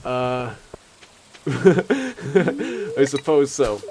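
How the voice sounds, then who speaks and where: Man, young adult, casual stream chat, rambling, frequent laughs, average pitch. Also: very animated, very slow, darkish tone, slight background noise, poor audio. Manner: rambling, laughs often, self-interrupting. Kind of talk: casual chat while playing a game.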